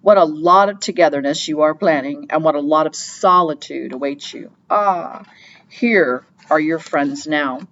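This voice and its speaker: A woman's voice: deep voice, measured pace, fairly bright tone, highs cut off. A woman reading an audiobook, voicing a wry, sly male rat spy with a teasing, sing-song manner.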